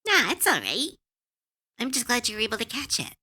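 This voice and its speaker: Woman streamer chatting away, laughs a lot, bright sharp tone. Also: a little high, wildly swooping pitch, fairly quick. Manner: giggly, chatty and self-deprecating. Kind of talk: casual livestream chat.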